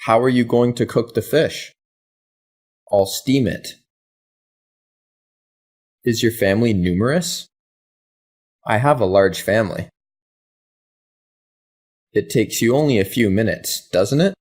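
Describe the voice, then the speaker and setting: Male reader for learner drills, low and husky, very slow and careful delivery. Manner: reads both question and answer in even, careful drills. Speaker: English lesson reader. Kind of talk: slow scripted question-and-answer reading.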